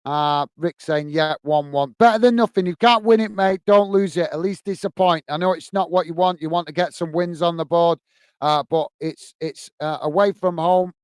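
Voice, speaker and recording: Hosting a football fan live stream, a middle-aged man reads viewers' comments and thanks each by name, tossing out "mate" and "top man" again and again. He speaks at normal speed in a slightly high, clean voice with no room sound, keeping the chat friendly and casual.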